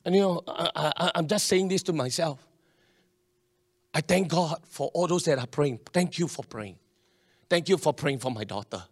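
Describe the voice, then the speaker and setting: A man preaching a sermon in a church, animated and calling on the congregation to respond. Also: on the high side, normal speed, dry recording, clean studio sound. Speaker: pastor.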